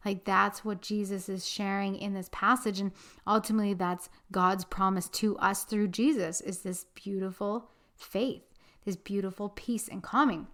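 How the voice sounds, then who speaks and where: A young woman hosting a spiritual podcast, telling a story in an earnest, animated way with casual fillers. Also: medium pitch, moderate pace. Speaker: podcast host.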